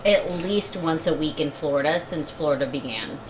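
A woman co-hosting a podcast in casual chat, wry and quick to tease. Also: deep voice, very noisy. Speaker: podcast co-host.

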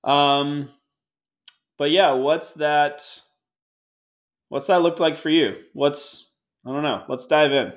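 A man's voice: fairly high pitch, slow pace, long pauses. Man, podcast co-host; easygoing, casual, ready laugh. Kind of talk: casual chat.

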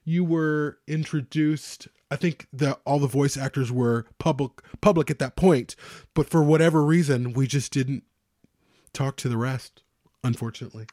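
A man hosting a podcast, asking eager, halting questions in casual chat. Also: medium pitch, a little mellow, no echo, studio quality. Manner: enthusiastic, halting, restarts his questions. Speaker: podcast host.

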